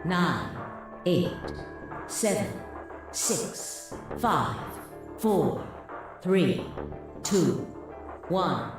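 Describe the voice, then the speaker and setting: A slow, echoing announcer AI. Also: female voice, on the low side, very animated, music in the background, heavily acted. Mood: cold. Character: cold automated announcer AI. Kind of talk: in-game announcement. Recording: echoey game audio.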